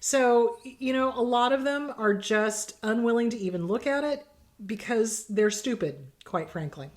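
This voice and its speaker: A woman's voice: a little high, expressive, moderate pace, darkish tone. A middle-aged woman therapist giving blunt, emphatic advice in casual talk, acting out quoted exchanges. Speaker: therapist host answering viewer questions.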